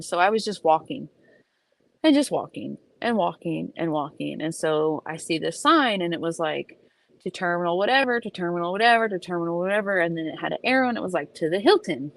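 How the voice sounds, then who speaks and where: A young woman tells a story in a casual vlog, swearing freely and leaning hard on her words. Her voice sits a little low for a woman. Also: normal speed, creaky. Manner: animated, profane, emphatic retelling. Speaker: vlogger.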